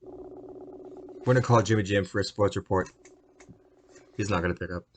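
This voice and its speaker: A young man hosting a solo podcast, ranting about sports in a profane, rambling, excitable way. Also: sits low, moderate pace, slight background noise. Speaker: podcast host.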